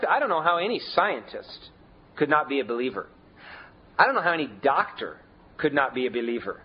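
A man preaching a sermon in a conversational way, leaning hard on key words with big shifts in pitch and volume. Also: highs cut off, a little hiss or hum. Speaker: pastor.

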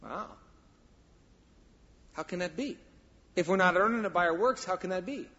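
A male pastor preaching a sermon, emphatic, swinging from quiet asides to loud declarations. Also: high-pitched, moderate pace. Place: church sanctuary. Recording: dull sound with long hall reverb.

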